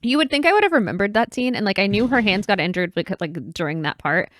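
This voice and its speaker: A woman co-hosting a podcast, reacting in casual chat with an animated, swearing manner. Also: mid-range voice, quick pace, slight background noise. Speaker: podcast co-host.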